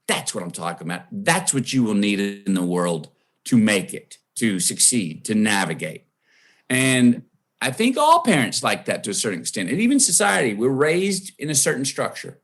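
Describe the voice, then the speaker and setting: A man's voice: on the low side, very animated, normal speed, fairly bright tone. A man with a Texan accent, a podcast guest telling a personal story and acting out the voices he quotes.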